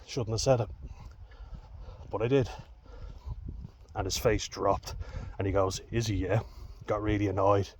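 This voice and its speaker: A man's voice: on the low side, steady tone, a little slow, pauses often, darkish tone, a little hiss or hum. Blunt, swearing man. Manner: blunt, heavy swearing, raw and frank. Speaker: vlogger. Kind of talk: candid storytelling to camera.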